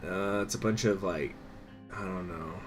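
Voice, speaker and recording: A man's voice: low voice, measured pace, music in the background. Man in casual, profane game commentary. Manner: self-mocking, loose, profane. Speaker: gaming channel host.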